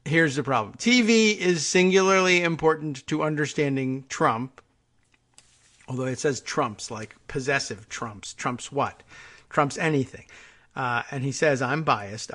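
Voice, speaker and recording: A man's voice: mid-range voice, a bit bright. A man hosting a call-in talk show, rambling wryly through the news with restarts and asides. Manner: rambling, wry, stumbles over names and restarts. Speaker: podcast host. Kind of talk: casual talk show monologue.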